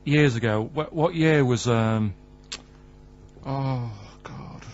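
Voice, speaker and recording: A man's voice: mid-range voice, takes it slowly, darkish tone, highs cut off, a little hiss or hum. A man with a Mancunian accent, a radio show regular telling stories in a hesitant, plain-spoken way. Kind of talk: casual radio banter.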